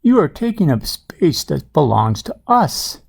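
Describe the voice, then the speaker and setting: A man's voice: on the high side, big pitch swings, a little slow, creaky, slightly rough, voice pushed up, exaggerated voice. A man voicing a big, bossy snake in a swamp, talking in a commanding way.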